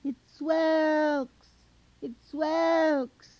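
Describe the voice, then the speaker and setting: A man voicing a crafty, cheeky male coyote trickster who calls out in high yelps, told as a spoken folk tale. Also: a little slow, vocal fry, warm tone, husky, no echo. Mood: calling out. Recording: dull lo-fi recording.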